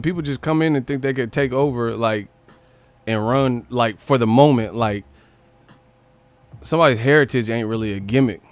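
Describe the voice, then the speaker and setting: Slangy man ranting. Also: medium pitch. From Northern California. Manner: slangy and profane, mocks with put-on voices and laughter. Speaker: live stream host. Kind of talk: casual live-stream rant.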